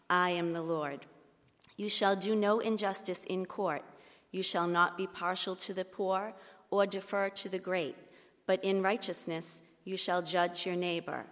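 A woman reads scripture in a measured, solemn way. Her voice sits somewhat low. It rings with the long reverb of a church. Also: fairly bright tone. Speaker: lector.

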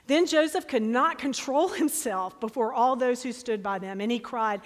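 A woman preaching a sermon, reading scripture aloud with dramatic, expressive delivery. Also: fairly high pitch, normal speed, hardly any pauses. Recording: long hall reverb.

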